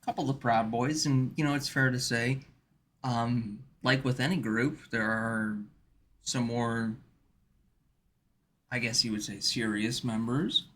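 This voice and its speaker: A man's voice: mid-range voice, fairly even intonation, unhurried, pauses often, fairly bright tone. A man streaming, chatting casually in a rambling way with many fillers and restarts. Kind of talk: casual chat.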